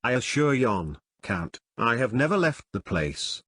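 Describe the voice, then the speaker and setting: A man's voice: mid-range voice, big pitch swings, unhurried, a bit bright, slightly rough, no room sound, clean studio sound, exaggerated voice. Man reading as an impetuous army captain. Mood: impatient. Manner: urgent, impetuous.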